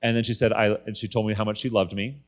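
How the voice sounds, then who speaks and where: Candid man in his thirties, lowish voice. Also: flat delivery, fast talker, dull audio. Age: 30s. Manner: candid, conversational. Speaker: guest speaker. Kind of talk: personal faith talk. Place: conference stage.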